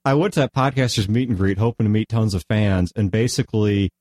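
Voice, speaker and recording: A man's voice: on the low side, brisk, a little mellow, no room sound, clean studio sound. A man hosting a casual podcast chat, rambling at length and often stopping to correct himself. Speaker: podcast host.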